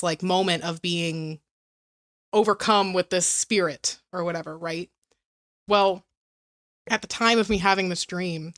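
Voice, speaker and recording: A woman co-hosting a podcast tells a story casually, sprinkling in "like" and "right?". Her voice is lowish and a bit bright.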